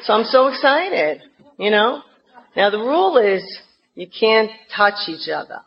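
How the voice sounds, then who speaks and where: A woman's voice: mid-range voice, sing-song, measured pace, creaky. A middle-aged woman with a New Jersey accent tells a humorous personal story as a recovery meeting speaker, acting out her past outbursts. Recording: dull lo-fi recording with faint noise.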